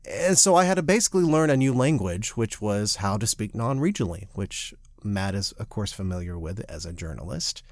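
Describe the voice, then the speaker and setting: Animated male podcast co-host. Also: fairly low pitch, fairly quick, few pauses, no echo, clean studio sound. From Southern United States. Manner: animated, self-deprecating storyteller. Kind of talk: casual chat with advice.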